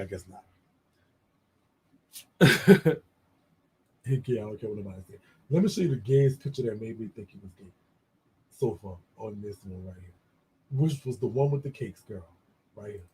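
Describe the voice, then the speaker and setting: Animated chatty man, husky voice. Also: on the low side, normal speed, long pauses. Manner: animated, camp, chatty, addresses viewers as girl. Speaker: show host. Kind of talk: casual livestream gossip chat.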